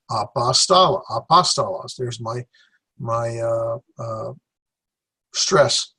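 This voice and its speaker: A man teaching a Greek class, lecturing slowly with many fillers and self-corrections. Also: medium pitch, sharp tone, breathy edge.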